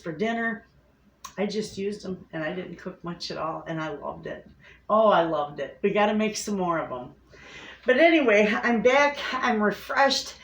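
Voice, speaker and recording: Chatty woman vlogging from her house, talks to viewers like friends, echoey room with a faint hum. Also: mid-range voice. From Michigan, USA. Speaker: homestead vlogger. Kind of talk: casual chat to camera.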